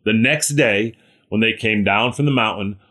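A man's voice: fairly low pitch, moderate pace, pushed and bright. A man leading a small-group Bible study, earnest and conversational, often checking in with his listeners.

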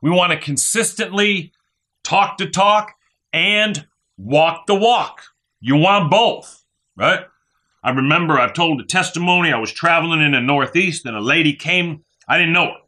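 A man's voice: on the high side, unhurried, sharp tone. A man preaching a sermon as a pastor, fervent and repetitive, often tagging his points with "right?" and "okay?". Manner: fervent preaching, repeats phrases, asks "right?".

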